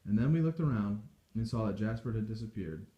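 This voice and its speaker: A man reading a novel aloud in steady, measured storytelling. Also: fairly low pitch. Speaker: audiobook reader. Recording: dull echoey home recording.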